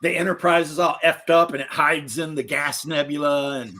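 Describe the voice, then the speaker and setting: Bright, fairly high male co-host, blunt and opinionated. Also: fairly even intonation, normal speed. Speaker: podcast co-host. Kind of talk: casual chat.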